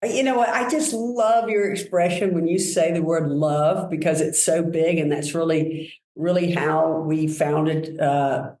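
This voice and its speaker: A woman guest telling enthusiastic, animated stories about her work in a relaxed conversation. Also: deep voice, a little slow, hardly any pauses, roomy sound, poor audio. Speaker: guest, brand executive. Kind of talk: conversational storytelling.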